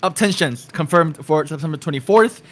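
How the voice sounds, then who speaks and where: A man's voice: on the high side, a little fast, fairly bright tone. Easygoing man reading release dates. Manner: easygoing, teasing, laughs often. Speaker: podcast co-host. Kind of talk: casual chat and reading release list.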